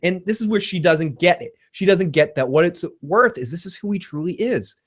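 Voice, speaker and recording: An excitable man talks through a TV episode in a loose recap chat, swearing freely and breaking into laughter as he retells scenes. His voice sits a touch higher than most men's. He reads viewer comments aloud between his own takes. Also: brisk. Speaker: podcast host reviewing a TV episode.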